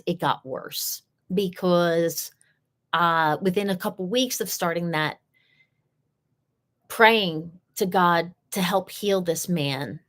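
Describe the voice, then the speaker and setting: A woman with a somewhat low voice tells her own story, earnest and direct. She repeats her key phrases for weight as she hosts a live session. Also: fairly bright tone. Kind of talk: personal storytelling.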